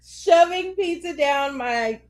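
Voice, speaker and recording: A woman in her thirties co-hosting a casual podcast chat, her voice sitting a little high. She tells stories in an animated way, acting out the scenes and laughing as she goes. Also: slow pace. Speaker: podcast co-host.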